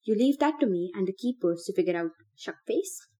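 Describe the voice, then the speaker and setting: Woman reader voicing a calm, commanding teen boy, warm mellow tone. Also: mid-range voice, brisk, lightly acted. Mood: firm. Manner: calm and firm. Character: calm, steely teenage boy leader.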